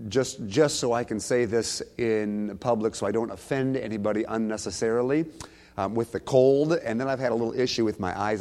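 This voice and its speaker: A preacher with a cold and a slight cough, opening his sermon in a relaxed, joking, self-deprecating way. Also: lowish voice. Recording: long hall reverb.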